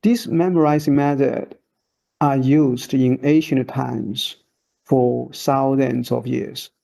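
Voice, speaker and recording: Very slow, gravelly-voiced male teacher. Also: medium pitch, steady tone, warm tone, rough recording. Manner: slow, short broken phrases, drawn-out demonstration syllables. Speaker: Chinese teacher. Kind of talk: slow instructional voice-over.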